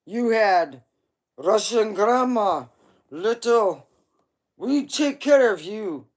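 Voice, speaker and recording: A woman voicing her tiny, bossy old Russian-Polish grandmother in loud, blunt broken English. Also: mid-range voice, very animated, normal speed, pitched above the performer's own voice, natural voice.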